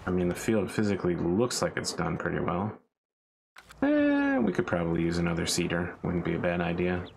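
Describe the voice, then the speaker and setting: A deep-voiced man hosts a game stream, tossing off jokes and tangents in loose casual chat. His talk wanders and restarts, and a faint hum sits in the background. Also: steady tone, fast talker, creaky, poor audio. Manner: joking, rambling banter with restarts.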